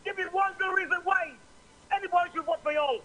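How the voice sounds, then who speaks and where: A Saint Lucian man calls in to a talk show. His voice sits unusually high, and he keeps hammering the same insults and phrases over and over in an angry political rant. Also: steady tone, fast talker, bright, forceful tone, low-quality recording. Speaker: caller.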